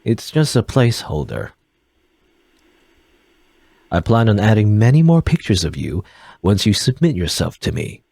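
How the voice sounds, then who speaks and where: A man reading the note of an obsessive, creepy male kidnapper in a flat, unsettling way. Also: on the low side, unhurried, vocal fry, pauses often, husky, dry recording, exaggerated voice.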